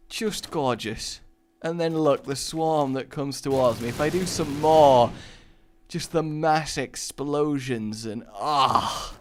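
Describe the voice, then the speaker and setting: Lively, excitable male gameplay commentator. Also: fairly high pitch. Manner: excitable, gushing, mimics explosion sounds. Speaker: gaming channel host.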